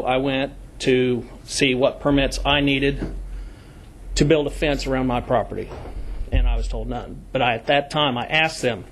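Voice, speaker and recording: A man's voice: mid-range voice, a little hiss or hum. Guy at a county meeting mic, reading code rules, leaning on the big words. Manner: deliberate, emphatic, stresses key words. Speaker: public commenter at county meeting. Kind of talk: formal public comment, reading code sections. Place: county commission meeting room.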